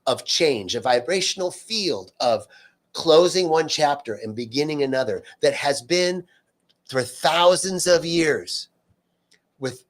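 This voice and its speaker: A man's voice: a little high, lively intonation, slow pace. A man hosting a live-streamed spiritual talk, speaking earnestly and unscripted, repeating words for emphasis and reading out viewer comments. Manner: loose and unscripted, frequent fillers and restarts.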